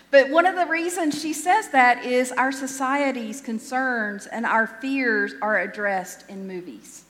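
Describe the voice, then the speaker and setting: A woman's voice: on the high side, unhurried, few pauses, a bit bright, big-room sound. A woman pastor giving a sermon in a conversational, self-deprecating way, often restarting her sentences.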